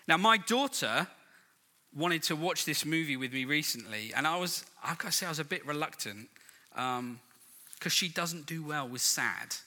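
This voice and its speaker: A middle-aged man gives a sermon with a bright, forceful, somewhat high voice. He tells stories in a chatty, humorous way to his congregation. Long reverb from a large church hall hangs around his words. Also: expressive, normal speed. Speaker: preacher.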